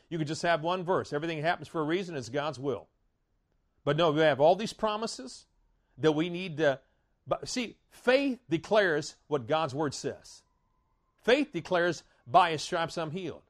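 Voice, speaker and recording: Preacher man, folksy, stammers and restarts, then declares loudly; slightly high-pitched. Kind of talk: sermon.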